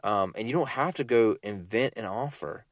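A man's voice: on the low side, normal speed, no room sound, studio quality. A man from Georgia, giving a casual, rambling motivational talk as a business coach. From Georgia, USA. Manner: animated, rambling, repeats himself.

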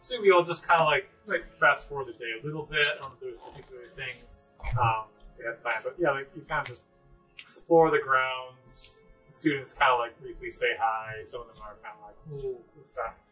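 A woman's voice: extremely low pitch, brisk, a bit bright, far from the mic, soft background music, low-quality recording. A woman running a tabletop game as game master, narrating in a loose, chatty way. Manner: loose and chatty, many fillers.

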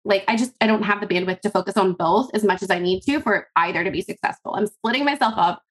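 A woman's voice: medium pitch, quick pace. A woman in her thirties, a podcast guest telling a long story in casual, rambling interview chat, full of fillers and acted-out quotes.

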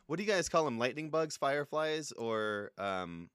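A man's voice: mid-range voice, expressive, moderate pace, fairly bright tone, clean tone, no echo. Young guy rambling on a comedy podcast, crude jokes, voice bouncing all over, dry close mic. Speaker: podcast host. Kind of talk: casual comedy podcast banter.

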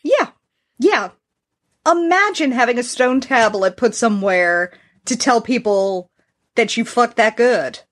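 A woman in her thirties hosting a podcast in a fairly high voice. She talks casually and drops dry, deadpan jokes while she tells the story. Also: a little slow. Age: 30s. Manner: wry, deadpan humor. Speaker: podcast host. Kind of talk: casual chat.

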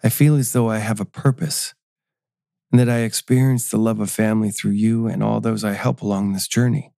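A man voicing a patient, mysterious female guide being who speaks gently and cryptically in a narrated audio story. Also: fairly low pitch, fairly even intonation, a little fast, vocal fry, dry recording, clean studio sound. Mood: gentle. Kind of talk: audio drama reading.

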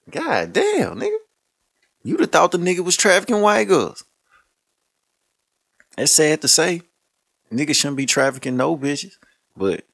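A man's voice: medium pitch, dry recording, studio quality. A man hosting a podcast, talking loosely and profanely in a casual, laughing way. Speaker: podcast host. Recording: music playing underneath.

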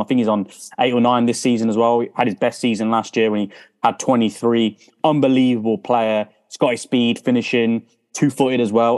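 A man's voice: medium pitch, a little mellow. A man guesting on a casual podcast, talking about players with enthusiasm and plenty of numbers.

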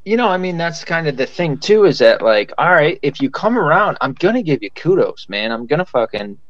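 A man's voice: on the high side, sing-song, brisk, muffled recording. A man hosting a podcast in casual chat, rambling with lots of fillers and swearing freely. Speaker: podcast host.

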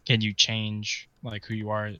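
Hesitant man asking questions in flat tones. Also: lowish voice, a little slow, no echo, lo-fi sound. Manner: hesitant, repeats words while asking questions. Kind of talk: casual chat.

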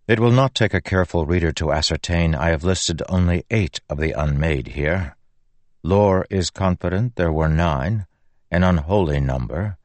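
A man reading a fantasy audiobook in a steady, grave manner. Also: sits low, no room sound. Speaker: audiobook narrator. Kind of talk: scripted fantasy narration.

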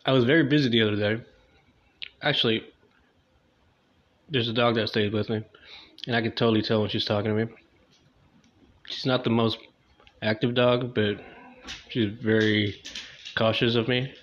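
A man's voice: medium pitch, fairly even intonation, normal speed, long pauses. A young man doing a loose, crude, slangy stand-up comedy monologue, in a dull lo-fi recording.

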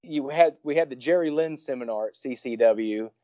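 A man, a professional wrestler, telling a story in an interview, rambling excitedly with many restarts. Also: medium pitch, moderate pace, dry recording.

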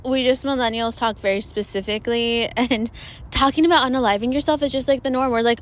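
A young woman with a slightly high voice speaks fast in a steady tone while hosting a casual solo podcast episode. Airplanes pass overhead as she records outdoors in the desert. She's chatty and profane, self-mocking, and often breaks into laughter.

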